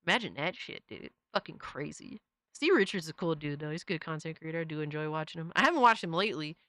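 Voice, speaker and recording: Profane man reacting to clips, bright dry voice. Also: a little high, animated, quick pace, no room sound. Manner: profane, loud, exclamatory. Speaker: commentary show host. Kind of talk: casual reaction commentary.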